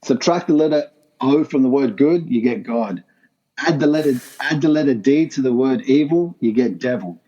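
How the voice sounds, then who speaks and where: A man's voice: medium pitch, expressive, normal speed, lo-fi sound, crowd noise. A man, a podcast guest telling a raw personal story in an earnest, intense way with casual slang. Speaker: podcast guest, former pro skateboarder. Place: his art gallery, remote call.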